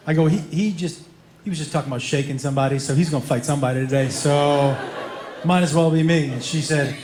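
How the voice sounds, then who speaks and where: A man's voice: fairly high pitch, fast, background noise. A man doing stand-up, telling a long story and acting out the voices in it. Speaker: stand-up comedian. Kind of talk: stand-up storytelling to a live audience. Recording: echoey stage with loud crowd laughter.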